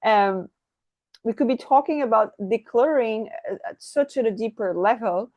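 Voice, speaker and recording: A woman giving a channeled tarot reading, effusive and excitable, tripping over her words and asking "right?" again and again. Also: on the high side, normal speed, dry recording, highs cut off. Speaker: tarot reader.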